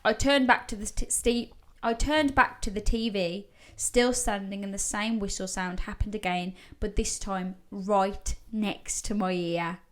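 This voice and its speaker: A woman's voice: medium pitch, fairly even intonation, a little slow, hardly any pauses. A woman co-hosting a podcast, casually reading out listeners' ghost stories with laughs and the odd swear word. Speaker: podcast co-host. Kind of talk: casual storytelling chat.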